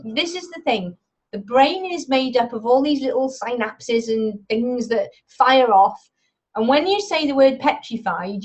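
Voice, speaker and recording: A middle-aged woman leading a live online coaching session. Her voice sits fairly high, and she speaks in an animated way, talking straight to the listeners and checking in with them often. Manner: animated, talks straight to the audience with frequent "okay?".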